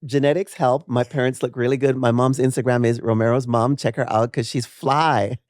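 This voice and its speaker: A man in his late fifties from the West Indies, a guest makeup artist chatting casually, animated and laughing, with drawn-out emphasis on key words. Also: mid-range voice, dry recording, studio quality. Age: 50s. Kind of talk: casual interview chat.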